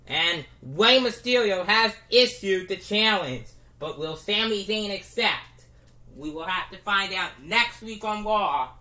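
A commentator calling a home-made toy wrestling show, with halting restarts and bursts of excitement. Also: medium pitch.

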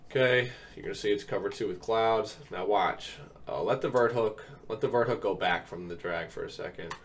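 With a voice on the low side and a moderate pace, a young man recovering from illness offers relaxed gameplay commentary. He breaks plays down step by step, filling gaps with ums, and the distant mic catches faint keyboard sounds.

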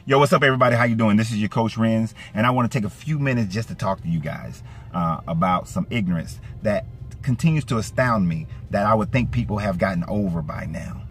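A man from Atlanta with a light Southern accent, giving casual, emphatic commentary to his viewers. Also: a little fast. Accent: light Southern US (Georgia). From Atlanta, Georgia. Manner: animated, emphatic, swings from low asides to raised indignant peaks. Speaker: YouTube commentator. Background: faint background music.

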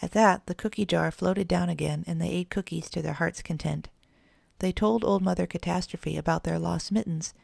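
A woman reads a children's bedtime story aloud in an even, measured way. Her voice is low and gravelly. The recording is close and completely dry. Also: dry recording. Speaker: narrator.

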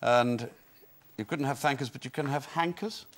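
A man's voice: mid-range voice, moderate pace. A man appearing as a celebrity guest on a TV game show, bantering in a polished, genial way. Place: TV studio. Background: studio audience.

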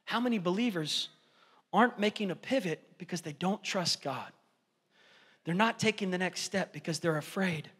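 A man's voice: high-pitched, moderate pace, a bit bright, husky, big-room sound. A male pastor preaching a sermon, emphatic and exhorting as he drives his points home. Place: large church.

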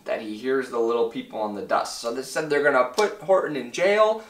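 A man teaching first grade, giving gentle, encouraging instructions to young children during a read-aloud lesson. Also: mid-range voice, expressive, moderate pace, few pauses. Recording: roomy, from a distance.

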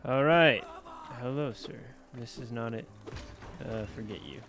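A man giving casual gameplay commentary into his desk mic, chatty and quick to exclaim, talking back to the enemies on screen. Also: medium pitch, a little mellow, faint music behind. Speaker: let's play gamer. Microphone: personal desk mic.

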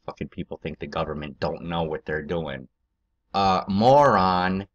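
Low male host, profane rambling rant, muffled lo-fi sound. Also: little pitch movement, brisk, husky. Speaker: political video host. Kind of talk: profane ranting commentary.

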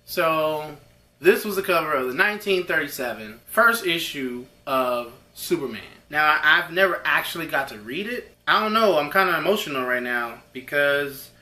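Brief: male unboxing host, high bright voice, excitable and rambling. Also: echoey room. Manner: excitable, rambling, talks to viewers as guys. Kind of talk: casual unboxing chat.

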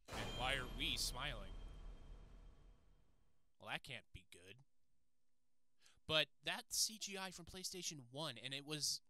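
A man's voice: a little high, sharp tone, no echo. A man hosting a let's play, commenting on the game in an enthusiastic, chatty way. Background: game music.

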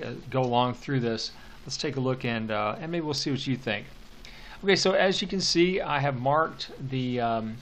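A man teaches a recorded poetry lecture at an ordinary middle pitch. He explains step by step, pausing on fillers and circling back to restart his sentences. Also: a bit bright. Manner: halting, with many fillers and restarted phrases; measured, explanatory.

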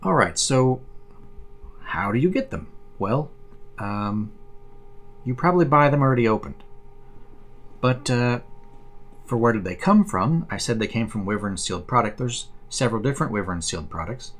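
A man talks through his collectible cards in a relaxed explainer video. He rambles a bit, with fillers and restarts. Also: medium pitch, moderate pace, pauses often. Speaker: card collector host.

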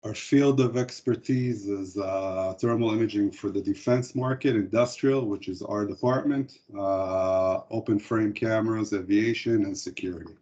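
Halting man presenting a webinar. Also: on the low side, fairly even intonation, mellow. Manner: halting, frequent hesitations. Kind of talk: corporate product webinar. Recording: dull lo-fi webinar audio.

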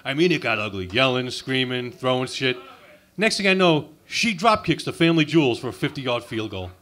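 A man's voice: medium pitch, very animated, brisk, a bit bright. A man doing a crude, sarcastic insult stand-up routine at an open mic night. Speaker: stand-up comic. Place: comedy club open mic.

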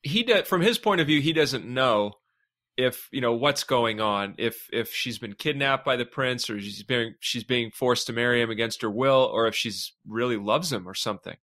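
A man's voice: medium pitch, moderate pace, sharp tone. A man in a casual podcast discussion, talking eagerly and in a jokey way, stumbling over his words as he goes. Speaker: podcast guest.

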